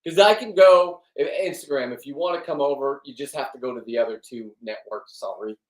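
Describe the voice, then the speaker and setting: A man in his fifties, a fishing and diving vlogger, rambling in a crude, loud, joking monologue. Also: medium pitch, brisk. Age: 50s. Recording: roomy, from a distance.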